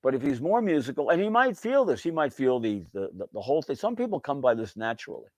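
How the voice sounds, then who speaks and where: A man's voice: medium pitch, very animated, quick pace, no room sound. Dry-voiced man teaching piano rhythm. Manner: sings rhythms aloud with bum and da syllables; folksy, calls notes guys. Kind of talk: casual music lesson.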